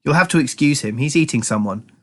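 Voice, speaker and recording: A man voicing a calm, innocent young man who speaks in an understated way in a storybook reading. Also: medium pitch, quick pace, pitched above the performer's own voice, natural voice. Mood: mild. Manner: mild, understated.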